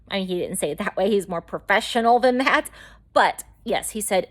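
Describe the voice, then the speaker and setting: A woman's voice: medium pitch, animated, moderate pace. A woman vlogger telling her own story in a chatty, rambling way with lots of fillers. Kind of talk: casual storytelling to camera.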